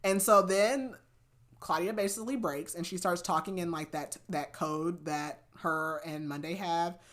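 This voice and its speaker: Female podcast host, lower voice, casual rambling book recap. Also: measured pace, a bit bright. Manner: chatty, many fillers and restarts.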